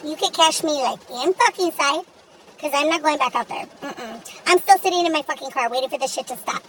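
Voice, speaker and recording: A young woman voicing a sassy, foul-mouthed young woman in an animated gacha video, ranting in an exasperated, profane way. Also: high voice, fairly quick, recorded from a distance, slight background noise. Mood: irritated. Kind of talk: comedic rant monologue.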